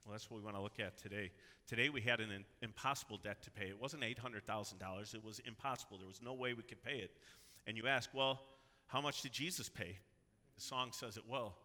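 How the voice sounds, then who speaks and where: A man preaching a sermon as pastor, earnest and building to loud, emphatic cries. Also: fairly low pitch, brisk. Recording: long hall reverb.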